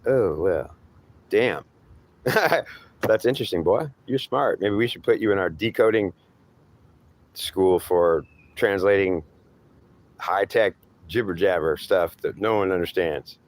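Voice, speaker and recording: A man voicing a smug male commanding officer who talks in a slow, mocking drawl. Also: sits low.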